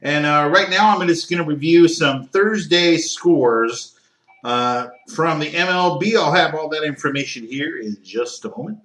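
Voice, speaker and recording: A man runs a solo sports podcast, talking through scores and his gripes in an opinionated, ranting way. His voice is bright and sits a little high, broken by fillers and throat-clearing. The room around him is noticeably echoey. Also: unhurried. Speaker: podcast host.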